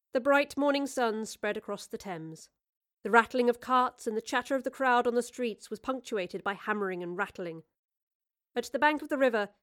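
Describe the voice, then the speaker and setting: A woman narrating a story in a measured, descriptive way. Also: mid-range voice.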